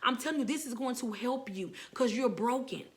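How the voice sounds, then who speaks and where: A woman's voice: a little high, fairly quick. A middle-aged woman casually preaching to viewers as a motivational speaker, earnest and encouraging, often repeating herself for emphasis.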